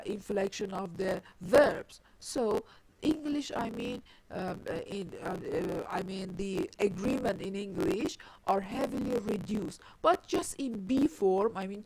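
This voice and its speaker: A woman's voice: medium pitch, gravelly, darkish tone, poor audio. A woman lecturing on syntax, explaining tree diagrams step by step and often restarting with "I mean". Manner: halting, with frequent "I mean" restarts. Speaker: linguistics lecturer. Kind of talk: recorded grammar lecture.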